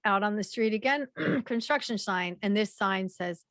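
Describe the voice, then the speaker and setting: A woman presenting a slideshow workshop in a conversational way, with frequent fillers and repeated throat clearing. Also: mid-range voice, animated, moderate pace, a bit bright, no room sound, studio quality.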